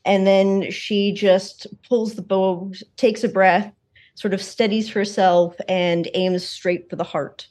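A woman's voice: medium pitch, fairly even intonation, slow pace, darkish tone. A woman playing a tabletop game, describing her character's actions hesitantly and searching for words. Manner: hesitant, searching for words, says "kind of" and "just". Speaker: player.

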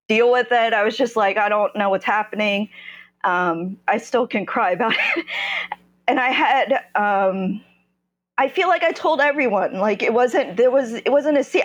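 A woman from New Jersey, a podcast guest, telling her personal story candidly in a halting way, often stopping and restarting as she searches for words. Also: medium pitch, dull audio.

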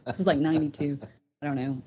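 A woman's voice: low voice, fairly even intonation, quick pace, a little mellow. A middle-aged woman telling a personal story in casual chat, with many fillers. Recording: dull, slightly noisy sound.

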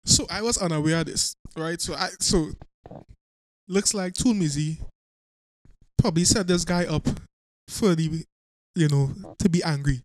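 Animated high-voiced male storyteller. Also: a little slow, no room sound. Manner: animated storyteller acting out quotes. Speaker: podcast co-host. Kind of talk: casual storytelling chat.

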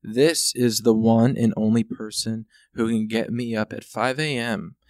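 A man's voice: fairly low pitch, steady tone, measured pace, a little mellow, dry recording, clean studio sound. A man talking in casual podcast chat as a guest, heartfelt and rambling with many fillers.

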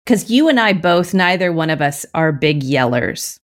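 A woman's voice: low-pitched, expressive, normal speed. A woman co-hosting a podcast, asking questions in a chatty, teasing way. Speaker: podcast co-host. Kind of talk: casual podcast chat.

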